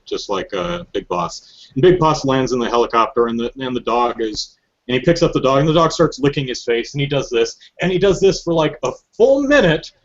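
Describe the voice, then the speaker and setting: A man hosting a podcast in casual chat, telling stories in an animated, joking way. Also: medium pitch, dull audio. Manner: animated, joking storytelling with frequent laughs. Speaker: podcast host.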